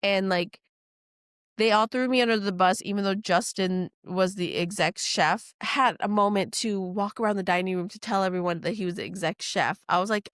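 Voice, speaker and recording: A woman from New Orleans tells stories in an animated way, swearing freely and acting out what others said. Her voice sits at a middle pitch and is recorded close and dry, with no room sound. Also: normal speed, smooth, dry recording. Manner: animated storytelling, acts out quotes, swears freely. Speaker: guest chef. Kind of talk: casual podcast chat.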